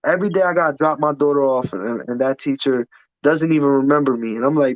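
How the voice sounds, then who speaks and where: A man with a medium-pitched voice speaks fast while telling his life story as an interview guest. His frank account is emphatic and full of swearing, and he repeats words when restarting. The audio is dull, lo-fi and dry, without echo.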